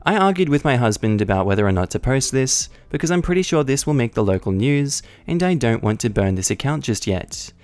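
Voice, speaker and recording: A man narrating online stories in a scripted, wry, deadpan comic style. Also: mid-range voice, brisk, few pauses, soft background music. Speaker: story narrator.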